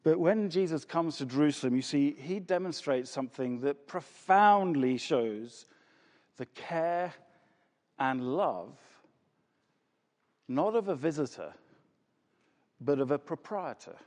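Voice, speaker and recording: Male preacher, high and animated voice, emphatic sermon delivery, long hall reverb. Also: takes it slowly, pauses often. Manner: emphatic, with rhetorical questions and repeated words.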